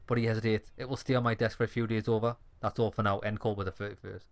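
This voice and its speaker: A man's voice: fairly low pitch, level tone, rapid-fire, few pauses. A man playing a story game, reading its dialogue aloud with sweary, sarcastic asides. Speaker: gaming streamer. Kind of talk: let's-play reading and commentary.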